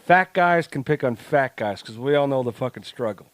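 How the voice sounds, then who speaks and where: A man's voice: medium pitch, expressive, normal speed, no echo. A man co-hosting a podcast, ranting in crude, joking, casual banter. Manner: loud, crude, joking rants. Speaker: podcast co-host.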